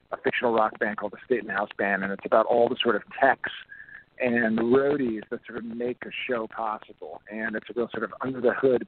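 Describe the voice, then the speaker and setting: Texan actor guest, loose and chatty, middle-pitched, heard through a tinny phone line. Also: male voice, a little hiss or hum. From Texas, USA. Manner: relaxed and chatty, many fillers. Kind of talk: phone-in interview chat.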